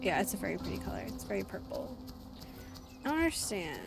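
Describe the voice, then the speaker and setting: A woman streaming a video game live in casual, chatty commentary, animated and quick to laugh. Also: mid-range voice, gravelly. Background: game music.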